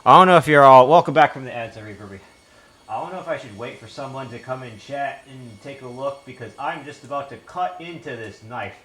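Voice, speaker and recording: A man's voice: medium pitch, fairly quick, fairly bright tone, a little hiss or hum. A man streaming live from his kitchen, a bit out of breath, rambling, swearing and reading a recipe aloud as he cooks. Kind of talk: casual live-stream chat while cooking.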